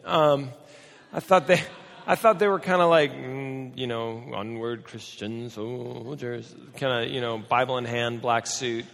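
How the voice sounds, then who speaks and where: American pastor guy, gravelly voice that keeps cracking, joking around in a sermon, big hall echo. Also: mid-range voice, fairly bright tone. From United States. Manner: self-deprecating, chatty storytelling. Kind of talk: storytelling sermon. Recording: long hall reverb.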